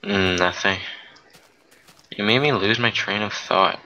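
Give me a young man co-hosting a gameplay chat, teasing and deadpan, with a very bright, edgy voice on lo-fi audio. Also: lowish voice, unhurried, slight background noise. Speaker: gaming channel co-host.

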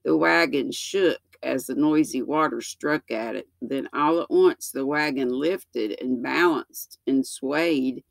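Older woman, sixties, reads a storybook aloud, slow unhurried pace, gravelly edge, dry close sound. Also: extremely low pitch, no room sound. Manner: slow and gentle, with small slips and self-corrections. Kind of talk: reading a children's book aloud.

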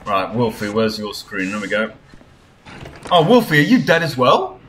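A young man streaming a horror game live, excitably swearing and yelling at his teammates. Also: lowish voice, normal speed, slight background noise. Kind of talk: live gameplay commentary.

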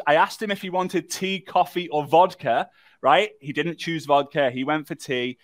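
A man presenting a live online workshop, telling a story in a lively, jokey way and talking to the chat. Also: on the high side, moderate pace, no room sound. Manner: animated, jokey storyteller who talks to the chat.

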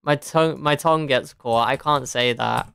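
A woman's voice: very deep voice, moderate pace, creaky, a bit bright, clean tone, no room sound, studio quality. A woman game streamer chatting casually, laughing often, swearing and answering her chat.

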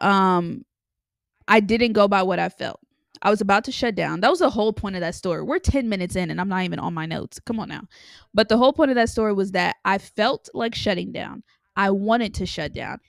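Chatty young woman with a gravelly edge. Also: medium pitch, no room sound, studio quality. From Los Angeles area. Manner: chatty and candid, with many filler likes and ums. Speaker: podcast host. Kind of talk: casual storytelling monologue.

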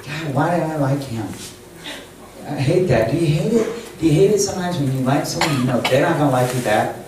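An older man giving a storytelling sermon as a camp chapel speaker, animated and laughing as he acts out quoted lines. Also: on the high side, brisk. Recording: echoey hall, distant mic, noisy.

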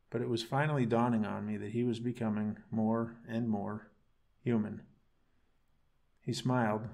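A man reading his own dark bedtime story aloud in slow, somber narration. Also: on the low side, gravelly.

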